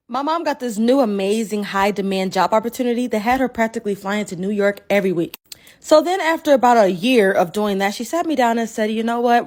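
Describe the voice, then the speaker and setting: Woman, mid-pitched, casual storytime narrator, matter-of-fact delivery. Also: darkish tone.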